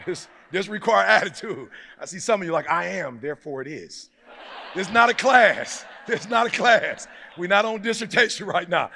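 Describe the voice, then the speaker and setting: A man giving a live motivational speech to an audience, moving from low, close talk to shouted call-and-response, in a preacher-like manner. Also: animated, normal speed, creaky, hardly any pauses, a little hiss or hum. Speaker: motivational speaker. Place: large hall before a live audience.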